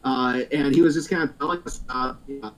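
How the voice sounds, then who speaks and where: A man's voice: medium pitch, steady tone, fast talker, slight background noise, poor audio. A man hosting a casual podcast chat, rambling through stories with lots of fillers and frequent laughs. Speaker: podcast host.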